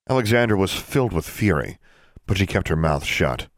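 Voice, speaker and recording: A man narrating fantasy fiction aloud in an expressive storytelling manner, close to the mic. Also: low-pitched, brisk, no echo. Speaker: audiobook narrator.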